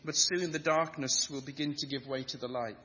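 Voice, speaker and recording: Bright-voiced preacher man in a reverberant hall. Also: mid-range voice, steady tone, fairly quick. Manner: emphatic, rhythmic repetition. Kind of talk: sermon. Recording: dull lo-fi sound with long hall reverb.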